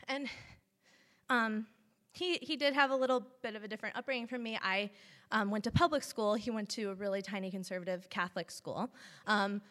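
A woman's voice: mid-range voice, bright, forceful tone. A woman in her twenties from Missouri tells a personal story to a live audience, chatty, with many ums and laughing asides. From St. Louis, Missouri, US.

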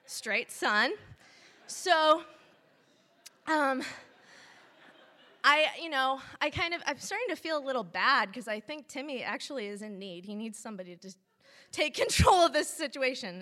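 A woman's voice: on the high side, pushed and bright. A woman in her twenties from Missouri tells a personal story to a live audience, chatty, with many ums and laughing asides. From St. Louis, Missouri, US.

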